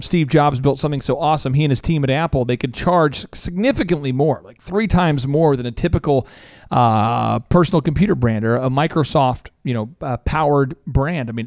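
A man hosting a business podcast, talking in an animated, jokey way with quick asides and playful impressions. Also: on the high side, dry recording, clean studio sound. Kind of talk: energetic casual business talk.

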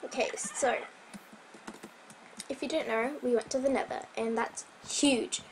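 A woman with a slightly high voice commenting on her gameplay at an unhurried pace. She rambles, restarts her sentences and sometimes sinks into a soft whisper, her voice a little strained. Faint keyboard clicks sit in the background. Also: fairly even intonation, slight background noise, poor audio. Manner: rambling, self-correcting, chatty. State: voice a bit strained. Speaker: Minecraft let's player.

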